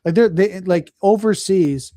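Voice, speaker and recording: A man hosting a podcast interview, talking casually and acting out scenarios with lively quoted voices. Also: high voice, unhurried, slight background noise. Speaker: podcast host.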